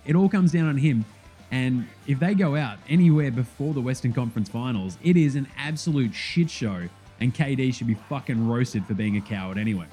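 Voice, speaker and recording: An Australian man hosts a casual sports podcast, breaking into laughs and swearing as he rattles through the week. His voice sits a little high and swoops about with lively energy, with a mellow, dark tone to it. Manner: excitable, swears freely, laughs often.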